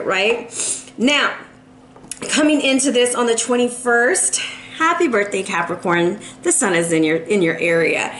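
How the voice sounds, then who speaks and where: A woman's voice: a little high, lively intonation, moderate pace, a bit bright, a little hiss or hum. A woman giving a monthly tarot reading to camera, chatty and emphatic, often checking in with her listeners. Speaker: tarot reader.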